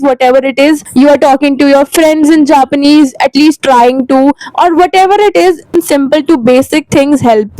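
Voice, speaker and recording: Young woman, Indian English accent, high voice, dry close sound, earnest chatty vlog tips. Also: warm tone, dry recording, poor audio. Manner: earnest, chatty, mixes in Hindi phrases. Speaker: language-learning vlogger. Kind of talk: casual advice vlog.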